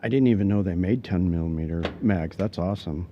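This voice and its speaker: A man hosting a podcast in casual chat, reacting with lively enthusiasm. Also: deep voice, brisk, slight background noise. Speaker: podcast host. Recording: slightly dull lo-fi recording.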